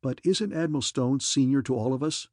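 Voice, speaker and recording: A doubtful crewman , voiced by a male reader, who hesitates and grumbles under his breath. His husky voice sits close to the mic in an audiobook reading. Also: mid-range voice, fairly quick, no echo, natural voice. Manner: hesitant, muttering.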